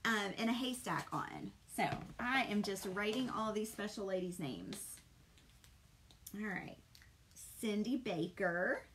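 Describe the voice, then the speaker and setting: A woman's voice: mid-range voice, animated, slow pace, a bit bright, slight background noise. A middle-aged woman, chatting with viewers and greeting them by name while she paints live. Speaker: painting instructor. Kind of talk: live-streamed craft session.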